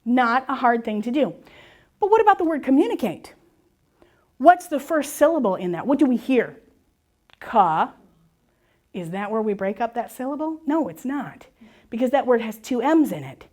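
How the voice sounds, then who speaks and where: Lively woman teaching spelling rules. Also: a little high, normal speed. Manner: lively, encouraging, asks and answers her own questions. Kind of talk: classroom lesson on spelling rules.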